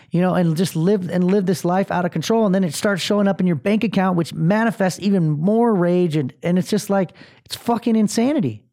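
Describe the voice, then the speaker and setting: This high-pitched, mellow voice belongs to a man in his thirties hosting a podcast. He rambles through a motivational monologue, talking bluntly and packing it with curses and fillers.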